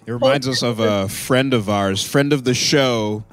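A man's voice: medium pitch, measured pace. A man co-hosting a podcast in casual, loose and profane chat. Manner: laid-back, loose and profane. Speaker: podcast co-host.

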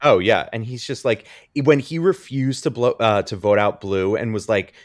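A man's voice: lowish voice, animated, moderate pace, hardly any pauses, dry recording, studio quality. A man co-hosting a casual podcast, gossiping about a reality show and mimicking the people in it. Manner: gossipy, quotes people in mocking voices. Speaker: podcast co-host. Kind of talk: casual chat.

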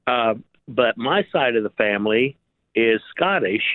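A man's voice: mid-range voice, lively intonation, measured pace, no room sound. A man calling in to a radio show by phone, teasing and laughing as he chats. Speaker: caller. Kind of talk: joking call-in chat. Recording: phone line.

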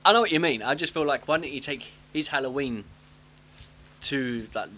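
Male co-host, bright tense voice, questioning and halting, light background hum. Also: medium pitch. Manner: questioning, hesitant, restarts. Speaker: podcast co-host. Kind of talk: casual chat about a film.

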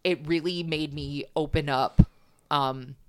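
A woman's voice: low voice, fairly even intonation, takes it slowly, darkish tone, clean tone. A woman chatting on a podcast, talking casually with plenty of fillers and restarts. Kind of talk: casual chat.

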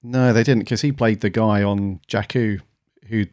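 A man's voice: fairly low pitch, fairly even intonation, a little slow, darkish tone, dry recording, clean studio sound. Rambling man, podcast co-host. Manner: musing, rambling with um and uh fillers. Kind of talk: casual chat.

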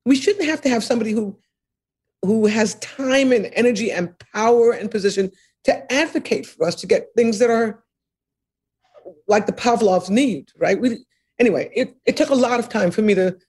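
An older woman in a reflective interview, her voice husky and a little breathy. She speaks earnestly and with emphasis, circling back to repeat key phrases and laughing softly between thoughts. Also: a little high, moderate pace. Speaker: interview guest, author.

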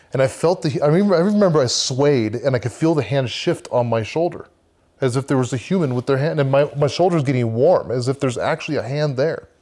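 A man with a mid-range, darkish voice appears as a guest on a podcast. He earnestly tells a vivid personal faith story and talks about leading a men's church group.

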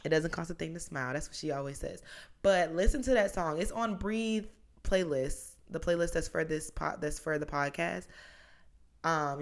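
Chatty low-voiced woman in her twenties. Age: 20s. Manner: chatty, rambling, goes off on tangents. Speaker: podcast host. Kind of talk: casual solo podcast monologue.

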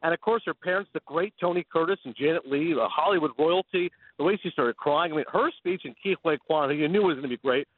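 A Canadian man on a sports radio show, telling animated stories in quick casual chat over a phone line. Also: a little high, slight background noise. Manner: animated, fast storytelling with laughs.

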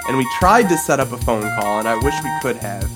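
A woman's voice: a bass voice, a little fast, over music. A woman hosting a comedy podcast, chatting and retelling stories. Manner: animated storyteller, chatty. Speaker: podcast host. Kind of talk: casual chat.

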